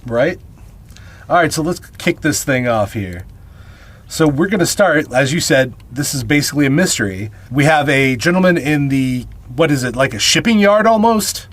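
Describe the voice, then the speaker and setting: A man's voice: a little high, animated. Wry man in casual podcast chat. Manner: wry, quick joking asides. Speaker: podcast co-host. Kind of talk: casual movie recap chat.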